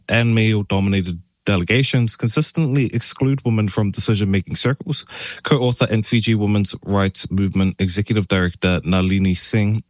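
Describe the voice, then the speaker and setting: A man's voice: lowish voice, no echo. A man hosting a morning radio show, reading news items with fillers and slips, then chatting with his co-host. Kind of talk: news reading with casual asides. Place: radio studio.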